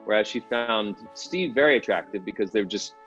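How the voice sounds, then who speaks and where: A man talks casually in an interview, fairly low in pitch. He is self-deprecating and laughs often between halting restarts. Faint music plays in the background. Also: lively intonation, fairly bright tone, dull audio. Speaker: actor.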